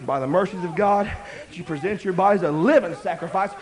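An older man preaching a sermon, swinging between loud shouting and quiet talk. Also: high voice, a little fast, poor audio. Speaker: pastor.

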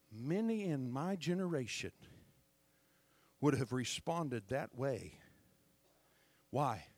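A middle-aged male pastor preaching a sermon who keeps checking on the congregation with "hello?" and swings between loud emphasis and hushed asides. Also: a little high, no room sound.

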